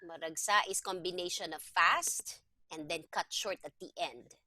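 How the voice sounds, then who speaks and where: A woman's voice: fairly low pitch, normal speed, bright, forceful tone, no room sound. Give me a patient woman tutor walking a student through a lesson, with a dry close recording. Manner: patient, explains step by step. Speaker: Tagalog tutor. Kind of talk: one-on-one language lesson.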